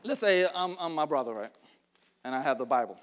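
A male pastor preaching in a church sanctuary, calling on the congregation to answer him back. His voice sits high and swings widely in pitch, and he laughs between lines and builds to shouts. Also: animated, a little fast. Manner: call-and-response preaching, rising to shouts. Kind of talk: sermon.

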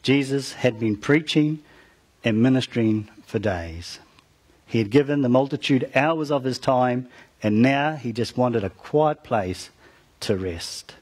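A man's voice: mid-range voice, lively intonation, a little slow, a little mellow. A man preaching, retelling a story to his congregation and calling out to them as he goes. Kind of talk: storytelling sermon.

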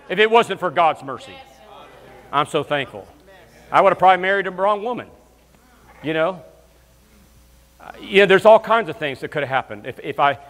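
Animated preacher in a reverberant church. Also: male voice, high voice. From Alabama, US South. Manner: storytelling with bursts of shouting praise. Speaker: guest minister. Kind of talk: lively comedic sermon. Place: church sanctuary. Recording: long church hall reverb.

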